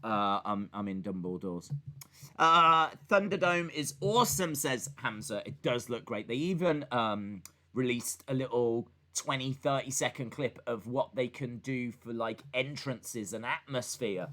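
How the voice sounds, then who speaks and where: A man with a bright, forceful voice chats loosely on a live stream, full of fillers and restarts. He jokes with his viewers and talks back to his voice assistant. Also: mid-range voice, animated, measured pace. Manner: rambling and chatty, with many fillers and restarts. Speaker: live-stream host reacting to wrestling and reading chat. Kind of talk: casual live-stream chat.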